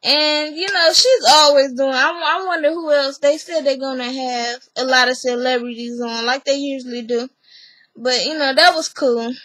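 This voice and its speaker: A woman chatting casually to camera as she recaps a TV episode. Her voice sits high and bright, and she acts out each person's lines with animated energy. She laughs often along the way. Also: normal speed, dry recording, low-quality recording. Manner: animated storyteller who acts out other people's lines. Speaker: vlogger recapping a reality TV episode.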